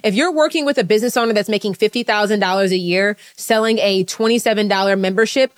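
A woman business coach giving a live talk to an audience, fast and emphatic, blunt, with casual swearing. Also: medium pitch.

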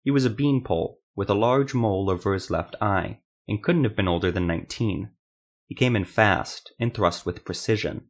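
Low-voiced man narrating an audiobook. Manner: measured, dramatic reading. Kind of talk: scripted fantasy audiobook narration.

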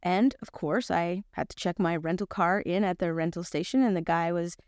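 A middle-aged woman teaching a Bible lesson, telling a personal story with lively voices for the people in it. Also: on the low side, moderate pace, smooth, no room sound, studio quality. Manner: animated storyteller, acts out quoted voices.

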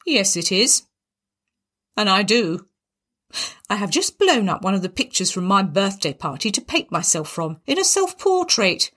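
A woman voicing an overbearing older mother-in-law who booms and turns sugary and menacing, in a storybook reading. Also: a bit bright, husky. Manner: booming, then sugary and menacing.

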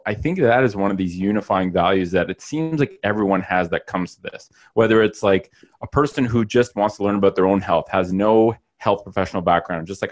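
A man's voice: fairly low pitch, fairly quick. A man, a physiotherapist guest in a casual podcast chat, earnest and reflective, with the odd casual swear.

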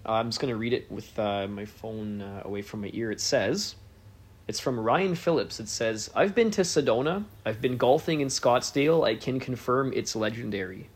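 A man co-hosting a podcast in casual chat, laid-back and quick to laugh. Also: mid-range voice. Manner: laid-back, laughs easily, says "yeah" a lot. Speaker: podcast co-host.

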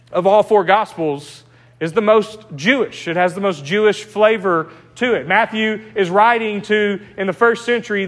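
High-voiced East Texas preacher. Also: male voice, a bit bright, long reverb tail. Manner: conversational, anecdotal preaching with restarts. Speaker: pastor. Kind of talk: sermon. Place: church sanctuary.

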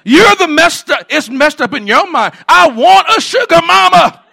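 Pastor, man, high bright gravelly voice; conversational sermon delivery with hushed asides and shouted peaks. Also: animated, normal speed. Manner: conversational preaching, swings between hushed asides and shouted points.

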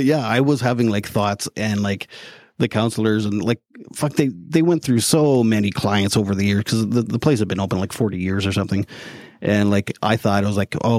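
A man with a lowish voice speaks candidly as a podcast guest, cursing casually and breaking into laughter. His voice sits close and dry, with no room sound around it. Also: darkish tone, dry recording. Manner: candid, swears freely, laughs often. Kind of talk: casual interview chat.

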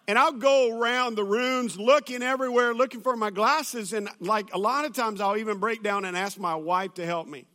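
A pastor with a high, bright voice preaches a sermon before a church crowd. He tells stories with easy humor and plenty of fillers and restarts. His tone is sharp and ringing, and he speaks in a high register. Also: moderate pace, few pauses. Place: church auditorium with audience.

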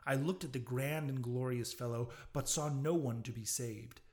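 A man reading a classic novel aloud, in a measured, declamatory way. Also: mid-range voice, a little mellow. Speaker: narrator.

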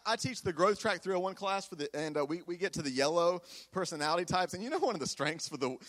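A man's voice: a little high, a bit bright. A man preaching a sermon with energy, leading the audience in call-and-response. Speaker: pastor.

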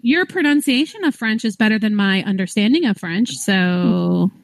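A woman's voice: mid-range voice, animated, moderate pace, creaky, dry recording. A woman co-hosting a writers' podcast, casual and thoughtful, rambling with lots of "like". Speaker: podcast co-host. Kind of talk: casual chat.

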